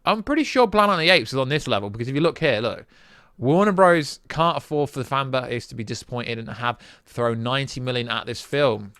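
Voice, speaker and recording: A young British man hosting a casual film news vlog, sarcastic and animated, rambling as he debunks a story. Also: mid-range voice, brisk, smooth, dry recording. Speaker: YouTube film news host.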